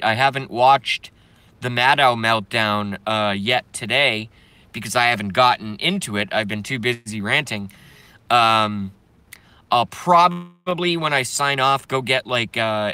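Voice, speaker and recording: A man ranting angrily and profanely while reading viewer comments, swinging between yelling and mumbling. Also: medium pitch, smooth, dry recording. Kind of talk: angry political rant and comment reading.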